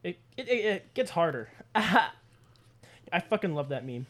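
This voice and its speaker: A man's voice: high-pitched, sing-song, slow, a bit bright. A young man co-hosting a casual podcast, joking crudely and swearing constantly. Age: young adult. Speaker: podcast co-host. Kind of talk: casual chat.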